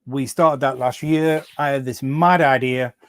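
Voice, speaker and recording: A middle-aged man chats live to his fans from home. He rambles enthusiastically from story to story, restarting his sentences often. His voice sits at a middling pitch, and the sound is dry and close. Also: steady tone, unhurried, clean tone, no echo. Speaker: singer hosting a fan livestream. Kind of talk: casual live stream chat.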